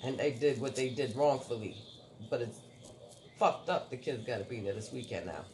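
A man's voice: mid-range voice, animated, moderate pace, darkish tone, a little hiss or hum. A man in casual conversation, retelling a court hearing in a rambling way, often quoting what others said. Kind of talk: casual chat.

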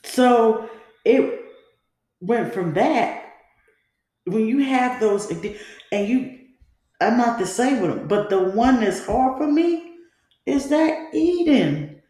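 A woman's voice: a little high, expressive, slow, pauses often, warm tone. A woman hosting a podcast, telling a personal story in a candid, rambling, conversational way. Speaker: podcast host. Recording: very echoey room.

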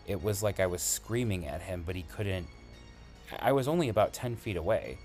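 A man who works as an emergency responder, earnestly retelling a frightening call in halting, conversational storytelling. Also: sits low, animated, a little mellow, soft background music. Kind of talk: spoken storytelling.

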